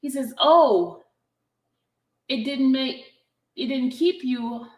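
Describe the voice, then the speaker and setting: A woman talks casually to her viewers, reading text messages aloud and adding her own asides between them. Her voice sits a little high, and the recording carries a roomy echo. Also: takes it slowly. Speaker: vlogger.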